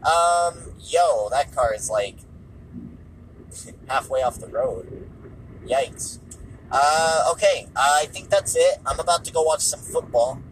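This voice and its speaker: A man's voice: fairly high pitch, takes it slowly, pauses often, a little hiss or hum, low-quality recording. A tired, hungry man hosting a casual solo podcast, offhand and dismissive, repeating himself, recorded in a car. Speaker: podcast host.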